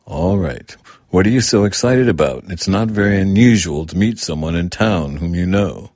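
A man's voice: low-pitched, moderate pace, darkish tone, dry recording, clean studio sound. A man voicing a cold, impatient mother in a storybook reading, speaking in a clipped, cool manner.

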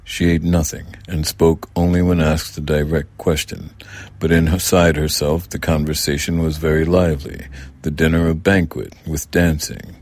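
A man narrating an audiobook in an even, measured reading. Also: a bass voice.

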